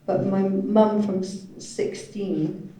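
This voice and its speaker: A woman voicing a deaf presenter's talk at a conference, halting and hedging with many "sort of" and "you know" fillers. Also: medium pitch, steady tone, mellow, slight background noise. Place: large conference hall. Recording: echoey hall from a distant mic.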